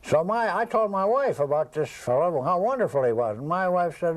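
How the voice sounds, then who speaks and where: Brief: older man, high-voiced, rambling raconteur who slips into the voices of people in his stories. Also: expressive, a little fast, low-quality recording. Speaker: interviewee, storyteller. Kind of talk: casual anecdotal storytelling.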